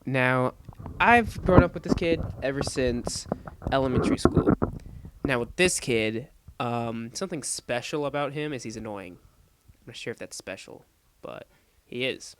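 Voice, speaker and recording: A man's voice: mid-range voice, a little slow, background noise. A young man in his late teens casually telling a rambling, crude story over gameplay footage. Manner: rambling, crude, animated retelling. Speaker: gaming commentator.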